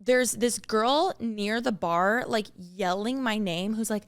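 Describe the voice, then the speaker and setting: A young woman co-hosting a podcast, telling a story in a casual, animated way, full of fillers. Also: mid-range voice, slow, clean tone. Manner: animated, filler-heavy storytelling with acted-out quotes. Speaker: podcast co-host.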